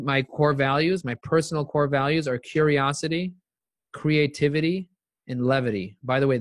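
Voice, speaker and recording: A middle-aged man giving a live-streamed motivational talk, emphatic and animated, repeating phrases for emphasis as he answers viewer questions. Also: medium pitch, no echo, clean studio sound.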